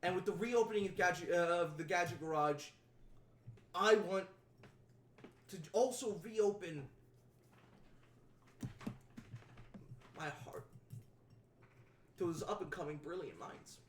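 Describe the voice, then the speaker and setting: A woman's voice: fairly low pitch, normal speed, long pauses, slight background noise, natural voice. A woman voicing a scheming middle-aged male con man who runs a shop, with an oily, stammering, wheedling manner in a tabletop game. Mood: grandstanding. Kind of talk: tabletop game role-play. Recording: roomy echo, distant from mic.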